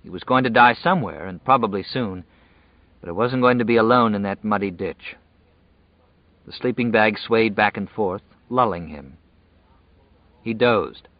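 A man reading a novel aloud in measured, even scripted narration. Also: lowish voice, dry recording. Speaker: audiobook narrator. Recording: dull dry lo-fi audio.

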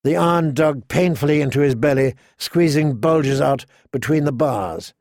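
Measured male audiobook narrator. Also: on the high side, darkish tone, dry recording, studio quality. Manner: measured, unhurried, vivid. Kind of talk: scripted narration.

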